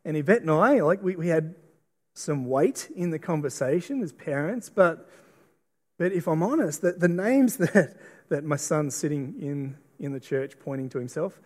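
A man's voice: on the high side, expressive, normal speed, darkish tone. A middle-aged man with an Australian accent preaching a sermon in a church auditorium, earnest, often repeating and restarting words. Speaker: pastor. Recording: long reverb of a church hall.

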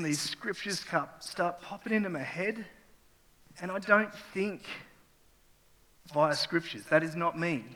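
Preaching from a church stage, a middle-aged pastor's slightly high voice grows from quiet reflection into raw, passionate testimony that builds in intensity. The hall around him gives his sermon a long, spacious reverb.

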